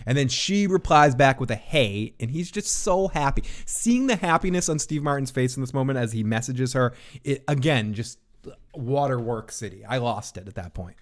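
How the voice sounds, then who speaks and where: A man giving a casual, rambling spoiler recap of a TV episode in his apartment, excitable and swearing, his pitch jumping when he gets worked up. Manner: rambling, restarts often. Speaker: TV recap reviewer.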